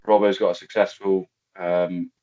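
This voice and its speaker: Rambling low-voiced man. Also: flat delivery, moderate pace, warm tone, highs cut off. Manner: rambling, searching for words, matey. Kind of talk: casual podcast chat.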